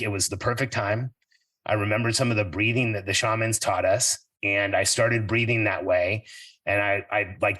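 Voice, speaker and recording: A man's voice: fairly low pitch, a bit bright, no room sound, far from the mic, low-quality recording. A middle-aged man hosting a podcast, telling a personal story in an earnest, reflective way that turns a little emotional. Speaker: podcast host.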